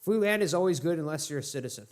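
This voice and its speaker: A young man casually commentating his own strategy game playthrough for viewers, chatty and laid-back, talking to them as ladies and gentlemen. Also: fairly high pitch, lively intonation, racing. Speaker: let's play host.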